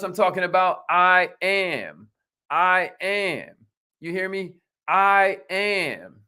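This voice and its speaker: A man hosting a live stream about business networking, reading out viewers' comments by name, repeating his phrases and leading affirmations with lively energy. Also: fairly high pitch.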